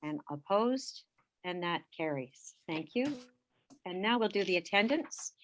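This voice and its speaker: A woman's voice: lowish voice, animated, measured pace. A woman chairing a council meeting over a video call, running the votes and roll call politely with small fillers.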